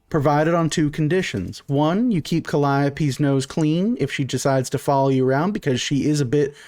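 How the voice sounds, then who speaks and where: A man voicing a stern, sharp-tongued middle-aged townswoman who is a mother, with a bossy, folksy drawl, in a tabletop game. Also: a little high, no room sound, studio quality, lightly acted.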